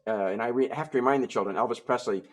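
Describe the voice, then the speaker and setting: A man's voice: medium pitch, very fast. A man performing a comic ventriloquist act, talking to his puppets in playful, stammering children's show patter. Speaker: musical ventriloquist.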